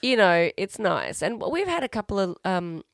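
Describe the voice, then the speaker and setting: Gravelly woman, wry quips. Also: medium pitch, very animated, normal speed, no echo, clean studio sound. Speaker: podcast co-host. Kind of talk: casual chat.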